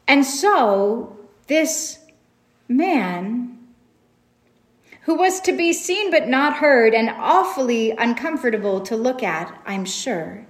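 Slow, high-voiced woman preaching. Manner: reflective, storytelling with rhetorical questions. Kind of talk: sermon.

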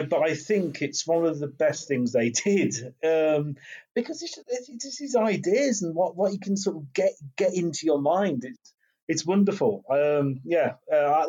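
Male podcast guest, higher-pitched, enthusiastic and gushing. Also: a little mellow, rough recording. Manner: enthusiastic, gushing, halting with fillers. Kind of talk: casual podcast chat.

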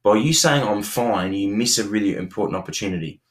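A young man co-hosts a podcast offering relationship advice, speaking earnestly with many restarts and repeated words. His voice is on the low side, with lively intonation and a quick pace.

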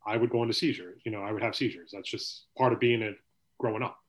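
A man's voice: fairly low pitch, steady tone, fast talker. A man hosting a casual sports podcast, rambling and swearing, with a lot of "you know" filler. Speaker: podcast host.

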